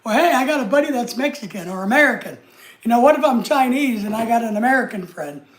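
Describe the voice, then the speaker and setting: A man's voice: very high-pitched, expressive, quick pace. A man hosting a live stream, chatting casually and answering viewer comments in an easygoing way. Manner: easygoing, chatty, talks straight to the chat.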